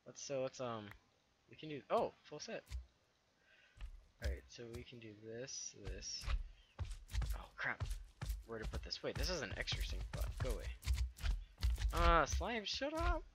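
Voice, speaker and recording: A young man giving jokey live game commentary with loud outbursts, recorded at a home gaming setup. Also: medium pitch, animated, moderate pace, pauses often, over music. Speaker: gaming YouTuber.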